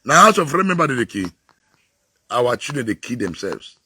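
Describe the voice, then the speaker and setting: A man with a Nigerian accent giving an emphatic moral talk in an animated way. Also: mid-range voice, a little fast, husky.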